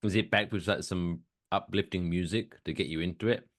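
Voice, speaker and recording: A man's voice: low-pitched, steady tone, a little fast. A man co-hosting a podcast, chiming in with teasing, wisecracking questions in casual banter. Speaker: podcast co-host.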